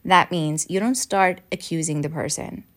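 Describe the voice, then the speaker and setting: Woman, slightly low voice, earnest advice talk, coaching tone. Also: normal speed, a bit bright. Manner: earnest, coaching, acts out sample lines. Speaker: advice presenter. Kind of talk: direct-to-camera advice talk.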